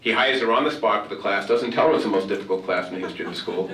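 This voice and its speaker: In a large conference hall, a keynote speaker talks very fast in a voice on the low side with a fairly bright tone. He tells a humorous, motivational story and acts out the dialogue. There's slight background noise, and the recording is roomy and distant from the mic.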